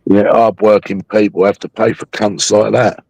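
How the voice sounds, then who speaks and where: Low-voiced man ranting and swearing. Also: little pitch movement, normal speed, creaky, darkish tone, no room sound. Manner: mocking, aggressive, swears constantly. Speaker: livestream host. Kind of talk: profane, taunting livestream rant.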